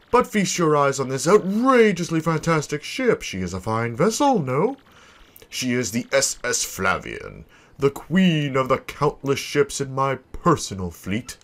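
A man voicing a pompous, flamboyant ship captain who boasts in a grandiose, drawn-out way. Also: medium pitch, fairly bright tone. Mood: boastful.

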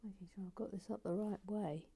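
A woman's voice: mid-range voice, fairly even intonation, fast, mellow, slightly rough. A woman hosting a building stream, chatting casually and with self-mockery as she reads viewer comments, often dropping to a whisper while she concentrates.

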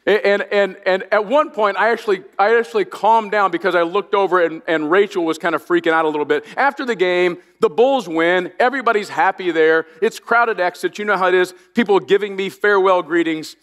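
A man's voice: high voice, fairly quick, few pauses, fairly bright tone. A middle-aged man from Indiana, preaching a sermon with storytelling asides, self-deprecating humor and frequent restarts. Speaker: pastor. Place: large church auditorium. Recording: long reverb of a large church.

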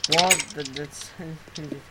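A teenage boy chatting casually while gaming with a friend, excitable and quick to shout, his throat sore from screaming. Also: on the high side, very noisy. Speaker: gameplay commentator. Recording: loud keyboard typing and clicks.

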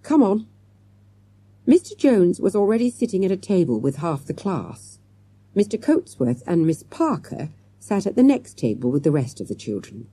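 A woman with a very dark, husky voice reads a storybook aloud. Her pitch sits low but moves a lot, and the recording is close and dry. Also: very animated, moderate pace, no echo. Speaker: audiobook narrator. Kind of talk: storybook narration.

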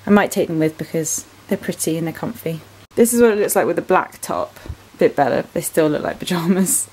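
A woman's voice: on the low side, fairly quick, darkish tone, breathy edge, rough recording. A woman in her twenties with an English accent, chatting casually in a vlog at home, rambling with plenty of ums and likes as she shows her clothes. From England. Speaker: vlogger. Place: bedroom at home.

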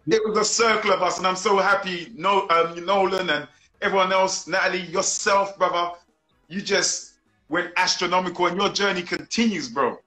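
A man's voice: sits high, normal speed, pushed and bright, soft background music. A man hosting a live-streamed interview, enthusiastic and slangy and full of praise for his guest. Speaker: interview host. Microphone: video call. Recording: echoey room.

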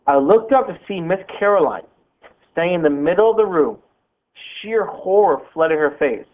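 Male teacher narrating a novel, steady and plain, slightly high, phone-line sound. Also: moderate pace. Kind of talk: reading a novel aloud.

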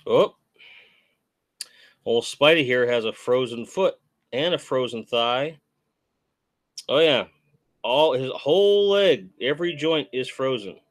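A man hosting a relaxed, chatty stream while unboxing toys and answering chat messages. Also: mid-range voice, measured pace. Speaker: host. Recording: faint background music.

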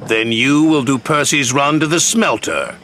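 A man's voice: mid-range voice, measured pace, crowd noise, close to an everyday voice. A man voicing a stern railway boss scolding an engine, in a cartoon storybook. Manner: severe, stern.

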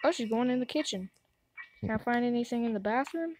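A woman's voice: on the high side, animated, fairly quick, background noise. A woman giving let's play commentary on a horror game, jumpy, gasping and talking back to the game. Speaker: gamer.

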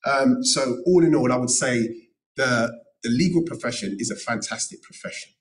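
A man's voice: medium pitch, moderate pace, recorded from a distance, poor audio. A middle-aged man speaking on a panel at a careers event, giving earnest, emphatic advice and repeating key phrases. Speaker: panel speaker, notary and former solicitor. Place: event room.

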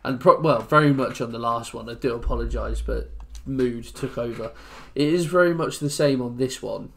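A young man from England talks over a football video game in loose, rambling commentary. His mid-pitched voice swings between low, glum muttering and loud, excited outbursts as the match turns. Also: moderate pace, vocal fry. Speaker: gaming YouTuber. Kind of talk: casual gameplay commentary.

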